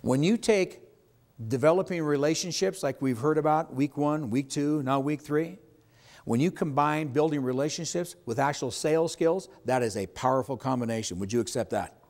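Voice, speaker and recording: A man's voice: a little high, moderate pace, darkish tone. A man teaching real estate agents at a live seminar, making his points with emphasis and putting questions to the audience. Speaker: real estate sales trainer. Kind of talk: live sales training seminar.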